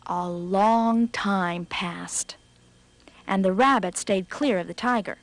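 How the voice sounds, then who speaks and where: A woman narrating a children's storybook in a scripted, expressive read, slowing for effect. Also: medium pitch, no echo.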